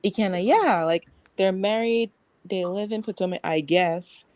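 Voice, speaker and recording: A woman's voice: medium pitch, measured pace, a little mellow, no room sound, rough recording. A woman guest in a casual chat, speaking frankly and rambling with lots of fillers.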